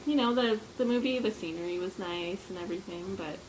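A young woman co-hosting a podcast, chatting in a relaxed way with dry jokes and frequent laughter. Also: medium pitch, brisk, a little hiss or hum, low-quality recording. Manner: laid-back, dry humor, frequent laughs. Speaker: podcast co-host. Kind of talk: casual chat.

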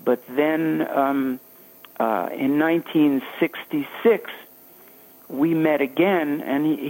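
An older man, a jazz saxophonist, telling stories in a halting, anecdotal way during an interview. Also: mid-range voice, a little mellow, rough recording. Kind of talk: reminiscing interview storytelling.

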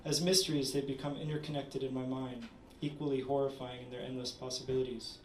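A man reading his own short story aloud at a literary event, measured with small stumbles. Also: medium pitch, little pitch movement, slight background noise. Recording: roomy, distant audience recording.

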